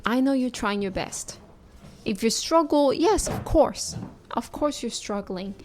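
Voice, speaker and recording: A woman's voice: a little high, lively intonation, a little slow, a little mellow, slight background noise. A young woman hosting a podcast, a mother who speaks to listeners in an earnest, reassuring, encouraging way.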